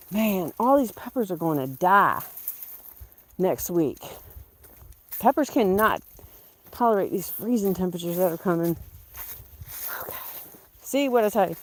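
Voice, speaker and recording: A woman's voice: lowish voice, slight background noise. A woman chatting casually to the camera while she works in her outdoor garden. She talks to herself in a joking, exclamatory way. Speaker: gardening vlogger.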